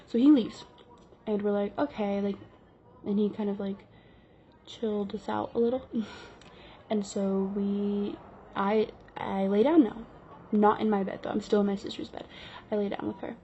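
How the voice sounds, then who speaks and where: Woman vlogger for casual story-time narration: rambling and filler-heavy, warm low tone, muffled home recording. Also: level tone, moderate pace, pauses often, slight background noise. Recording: dull lo-fi recording.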